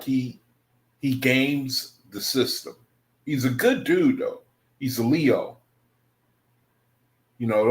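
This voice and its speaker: A man hosting an online study group, talking casually and rambling, repeating himself and calling his viewers brethren. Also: mid-range voice. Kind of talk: casual livestream talk to viewers.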